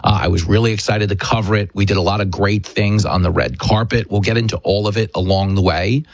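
A male talk show host delivering a forceful, emphatic monologue. His voice is husky at a medium pitch. The recording is dry and close with no room sound. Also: steady tone, fairly quick, no echo. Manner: combative, emphatic storyteller. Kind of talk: political commentary monologue.

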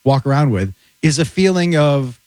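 A man's voice: a little high, sing-song, normal speed, darkish tone, dry recording. A man telling comic stories in casual chat, acting out the voices of people he quotes. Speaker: comedian guest.

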